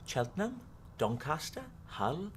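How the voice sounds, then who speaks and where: A man's voice: fairly high pitch, very animated, measured pace. A middle-aged man with a Welsh accent, playing a chatty sitcom character who patiently explains things in a folksy way. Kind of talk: scripted TV comedy acting.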